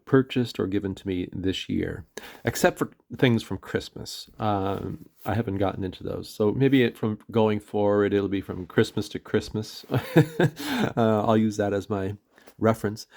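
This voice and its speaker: A man's voice: lowish voice, creaky, darkish tone. A man with a Canadian accent reviewing his favourite inks in a casual, rambling vlog, full of hesitations, fillers and self-corrections. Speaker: pen and ink reviewer.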